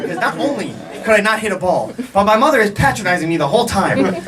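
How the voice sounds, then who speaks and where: Animated young man doing stand-up. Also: high voice, fairly quick, a loud crowd. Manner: animated storytelling, mimics voices. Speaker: stand-up comedian. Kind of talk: stand-up comedy set. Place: comedy club stage. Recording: distant mic with background noise.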